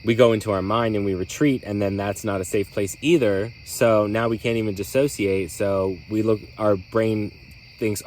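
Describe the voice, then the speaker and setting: Candid low-voiced man musing aloud. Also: steady tone, moderate pace, darkish tone, a little hiss or hum, poor audio. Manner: candid, rambling, filler-heavy. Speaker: podcast host. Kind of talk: reflective solo talk.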